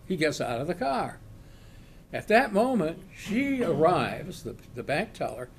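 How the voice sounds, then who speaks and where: An older man, a retired law professor, slowly telling a personal story and acting out the shouts in it. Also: on the high side, slightly rough. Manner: slow, animated storyteller acting out quoted shouts. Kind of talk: oral history storytelling.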